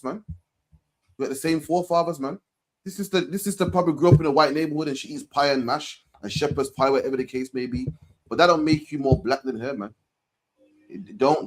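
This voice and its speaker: A man preaches on the street in a lively, conversational way. He fires off rhetorical questions and closes his lines with "man". His voice sits slightly high. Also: fairly quick, poor audio.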